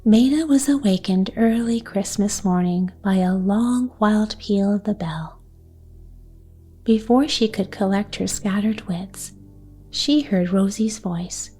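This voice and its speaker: A woman reading a children's story aloud for bedtime, soft and hushed, often close to a whisper. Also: mid-range voice, slow, slightly rough, faint music behind.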